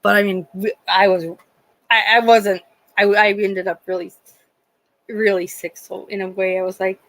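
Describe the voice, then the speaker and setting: A nurse who hosts a livestream tells stories in a casual chat, animated and laughing often as she acts out bits of dialogue. Her mid-range voice moves at a normal speed, and the recording is dry and low in quality.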